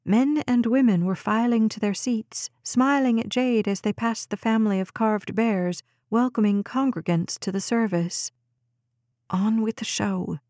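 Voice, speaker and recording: A woman reads a novel aloud in steady, even audiobook narration. Her voice sits at a middle pitch. The sound is dry and close with no room around it. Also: dry recording. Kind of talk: scripted narration.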